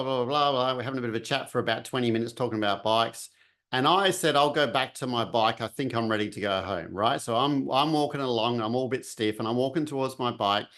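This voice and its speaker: A man tells his own story in a relaxed, chatty way. His voice sits at an ordinary middle pitch. He acts out quotes and sounds as he goes. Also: brisk. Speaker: vlogger telling a personal story. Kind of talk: casual storytelling.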